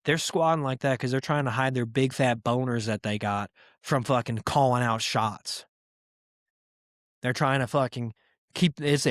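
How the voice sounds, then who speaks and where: A man's voice: mid-range voice, moderate pace, no echo. Guy ranting on his comedy podcast, swearing a ton, mid voice, dry close sound. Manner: crude, profane and animated. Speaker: podcast host. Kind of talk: casual comedic rant.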